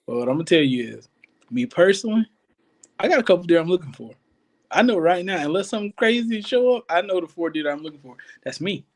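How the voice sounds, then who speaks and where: Man, casual podcast chat, hunting storyteller, somewhat high voice, very animated pitch. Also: fast. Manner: storytelling, acts out quoted voices. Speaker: podcast co-host.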